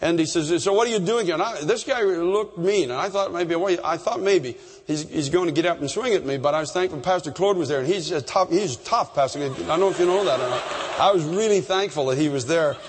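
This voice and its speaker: A man from Canada preaching a storytelling sermon, animated and rising in pitch at the high points. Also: fairly quick, breathy edge. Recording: long reverb in a large hall.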